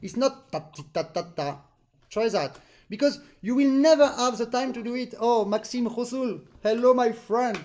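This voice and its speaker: A very high-pitched, slightly mellow male voice at a moderate pace belongs to a French-accented non-native speaker of English. He's teaching a live accordion master class online, singing rhythms in syllables.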